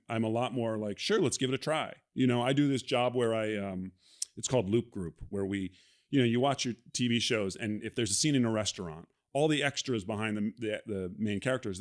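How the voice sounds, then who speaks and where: A man's voice: on the low side, brisk. A middle-aged man in casual conversation as a podcast guest, telling stories animatedly and acting out quoted lines. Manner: animated storyteller, acts out quoted lines with laughs.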